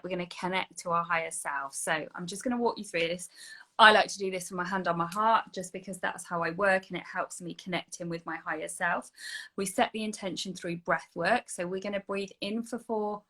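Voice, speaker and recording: A woman with a fairly low voice talks listeners through a guided meditation. She keeps a slow, soothing pace and now and then sinks into a hushed whisper. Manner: slow, soothing guiding voice that drops to a soft whisper. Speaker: energy healing practitioner. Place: online video session.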